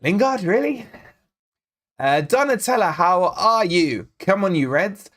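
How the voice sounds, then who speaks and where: This fan channel host, a man born in Scotland, speaks at a high pitch and a slightly slow pace. Running a live football watch-along, he chats excitedly and reads aloud viewers' comments, chat names and predictions.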